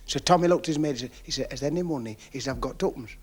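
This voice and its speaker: A man's voice: mid-range voice, racing, hardly any pauses, noisy background. Male comic spinning a yarn. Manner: chatty storyteller, drops to confiding asides. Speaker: stand-up comedian. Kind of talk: stand-up joke telling. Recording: 1970s television studio recording.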